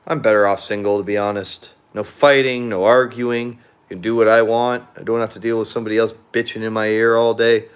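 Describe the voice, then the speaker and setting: A man's voice: fairly low pitch, flat delivery, a little fast, few pauses, smooth. Young male vlogger, casual venting monologue, rambling, swears freely, beer in hand. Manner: blunt and profane, rambling; drinking beer while chatting.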